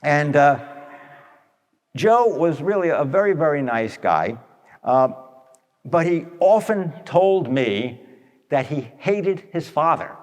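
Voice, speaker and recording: A man's voice: a little high, very animated, slow, pauses often, long reverb tail. A man telling stories in a folksy, conversational talk, speaking straight to his listeners and acting out what people said. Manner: conversational, addresses listeners directly, acts out quotes. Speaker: radio speaker giving advice talks.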